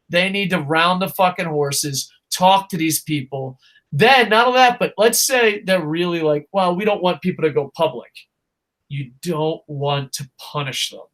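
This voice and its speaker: A man's voice: a little high, measured pace. A man co-hosting a casual wrestling talk show, ranting with lots of swearing and acting out little quotes. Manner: profane, animated ranting with acted-out quotes. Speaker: podcast co-host.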